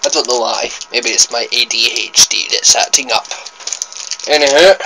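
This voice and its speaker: A man's voice: medium pitch, lively intonation, unhurried, gravelly, background noise. A young Scottish man with a Scottish accent, chatting casually as he tastes sweets on his food vlog, rambling and correcting himself as he goes. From Scotland. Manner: rambling, chatty, self-interrupting. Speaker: food vlogger.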